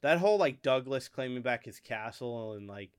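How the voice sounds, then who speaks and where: A man with a Southern accent talks on a podcast in loose, profane casual chat. His voice is smooth and resonant, with an everyday middle pitch. He often stalls and restarts his sentences. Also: lively intonation, normal speed. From North Carolina. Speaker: podcast co-host.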